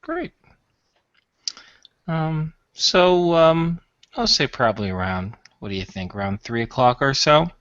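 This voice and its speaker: A man's voice: on the high side, animated, a little slow, long pauses, a bit bright, dry recording, lo-fi sound. A man playing in a tabletop game, chatting casually and cracking wry jokes. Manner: joking, wry quips. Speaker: player.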